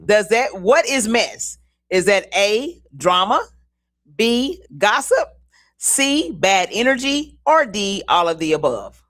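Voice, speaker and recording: Woman, co-host, quiz reader, slow pace, animated pitch. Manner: reads questions slowly and deliberately, laughs often. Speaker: co-host reading trivia. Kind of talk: casual radio-style chat, game quiz.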